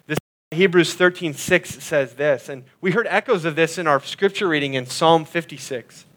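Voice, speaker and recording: A man preaching a sermon, earnestly expounding scripture and slowing down and dropping his voice on key lines. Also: fairly high pitch, fairly bright tone. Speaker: pastor.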